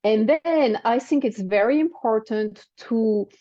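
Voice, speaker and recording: A woman in her forties speaking English with a French accent, answering interview questions in a reflective, explanatory way. Her voice is fairly high but mellow and soft-toned. The sound is dry and slightly dull. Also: unhurried, no room sound. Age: 40s. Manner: reflective, explanatory, frequent "right?" and "you know". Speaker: guest. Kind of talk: interview conversation.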